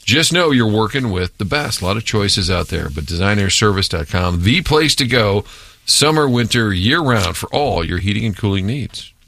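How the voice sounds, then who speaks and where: Male radio host, smooth persuasive ad read, lowish voice, dry sound. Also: lively intonation, normal speed, sharp tone, no room sound. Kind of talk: live-read ad and banter.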